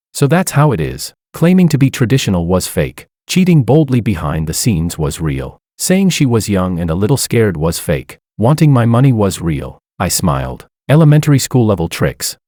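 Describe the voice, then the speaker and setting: A man's voice: low voice, darkish tone, no echo, studio quality. A man narrating a first-person romance story in a smug, amused tone.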